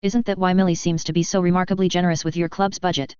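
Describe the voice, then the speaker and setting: A narrator voicing a sharp, dry-humored teenage schoolgirl, lightly teasing and matter-of-fact. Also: medium pitch, level tone, quick pace, smooth, no room sound, muffled recording, close to an everyday voice.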